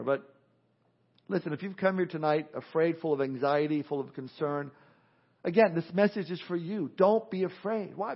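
A man with a Texan accent preaching a sermon as pastor, animated, acting out quotes and little scenes, often repeating himself. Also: sits high. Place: church sanctuary. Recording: dull lo-fi recording.

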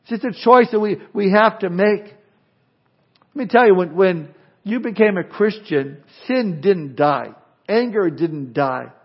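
A pastor preaching a sermon with animated delivery, acting out imagined people's objections. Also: male voice, sits high, measured pace, breathy edge, highs cut off. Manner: animated, acts out imagined speakers.

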